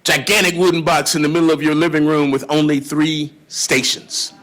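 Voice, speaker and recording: High-voiced folksy blues storyteller, man. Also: little pitch movement, normal speed, a bit bright. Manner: folksy storyteller, drawls into song. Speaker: blues historian and guitarist. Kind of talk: live lecture with guitar demonstrations. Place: live event before an audience. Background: guitar playing.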